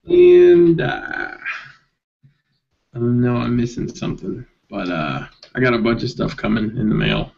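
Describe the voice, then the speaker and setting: A man's voice: mid-range voice, big pitch swings, unhurried, creaky. A married man rambling through funny stories in a casual group chat over an online call. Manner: rambling storyteller. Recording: lo-fi call audio, faint hiss.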